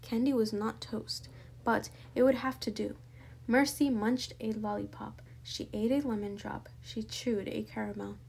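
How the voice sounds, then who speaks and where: Woman reading a kids' story out loud, raspy gravelly voice, kinda high. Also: measured pace. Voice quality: gravelly, husky. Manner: lively storytelling. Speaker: narrator. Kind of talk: children's book read-aloud.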